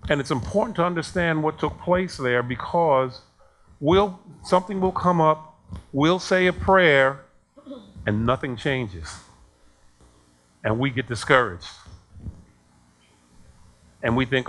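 A man's voice: mid-range voice, measured pace, pauses often, a bit bright. A man preaching a sermon in a conversational way, telling a story and acting out the dialogue with chuckles.

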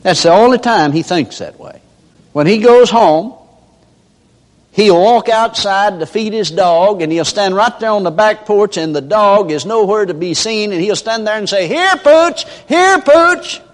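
A man's voice: high-pitched, normal speed. An older man preaching a sermon in a folksy storytelling manner, acting out everyday characters. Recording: long hall reverb.

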